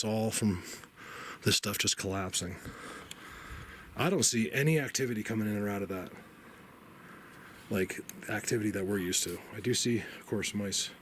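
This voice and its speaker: A man's voice: fairly low pitch, a bit bright. A man from New Jersey rambling casually as he films a walk through mountain woods, joking and talking to his viewers. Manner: rambling, chatty, joking asides. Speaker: bigfoot researcher vlogger. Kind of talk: walking vlog narration. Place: outdoors in mountain woods and a cave. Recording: noisy outdoor ambience.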